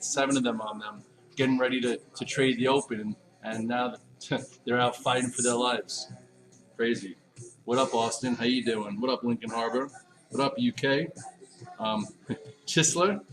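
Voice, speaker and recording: A man's voice: mid-range voice, low-quality recording. Upbeat New guy hosting a livestream. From Long Island, New York. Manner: energetic, shout-outs to viewers, quick asides. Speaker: stock market show host. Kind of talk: casual morning livestream chat.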